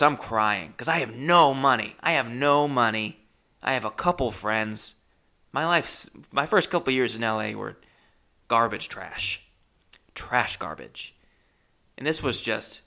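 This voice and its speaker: A young man telling a comic story, animated, swinging from mutters to loud outbursts. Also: mid-range voice. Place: Los Angeles area.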